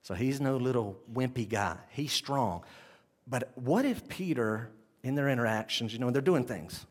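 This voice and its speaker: A man preaching a sermon, talking straight to the congregation and swinging between loud emphasis and quiet intensity. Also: mid-range voice, expressive, normal speed. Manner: conversational, addresses the congregation directly.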